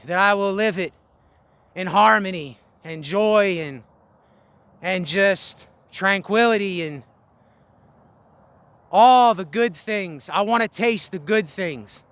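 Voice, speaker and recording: A man's voice: high voice, bright, forceful tone, smooth, no room sound. A tired, short-of-breath man walking uphill outdoors, giving an impassioned spiritual monologue in a preacherly cadence with repeated phrases. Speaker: Christian video blogger.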